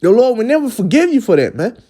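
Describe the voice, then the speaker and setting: High-voiced man preaching emphatically. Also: sing-song, fast, dark tone, breathy edge. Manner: emphatic, ends phrases with "man"; stumbles and repeats words. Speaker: religious teacher. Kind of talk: preaching lesson.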